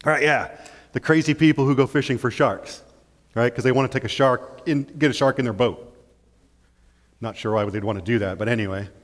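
A male pastor preaching a sermon in an animated way, acting out little scenes and often checking in with "right?". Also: mid-range voice, brisk. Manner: animated, acts out scenes, keeps asking "right?". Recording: long church-hall reverb.

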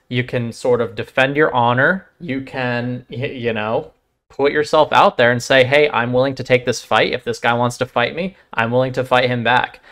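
A man's voice: mid-range voice, fairly bright tone. Questioning man giving reaction commentary. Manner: reflective, asks a lot of questions. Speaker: channel host.

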